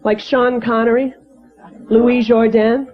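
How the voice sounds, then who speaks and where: A woman's voice: a little high, level tone, takes it slowly, loud music behind the voice. A woman with an Ohio accent doing chatty, self-mocking stand-up comedy on a club stage. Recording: muffled club recording with loud crowd.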